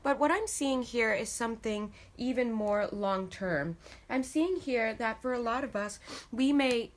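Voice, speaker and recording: A woman's voice: a little high, measured pace, slight background noise. A woman giving a casual tarot reading to her viewers, chatty and talking straight to them. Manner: chatty, laughs often, addresses viewers as guys. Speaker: tarot reader.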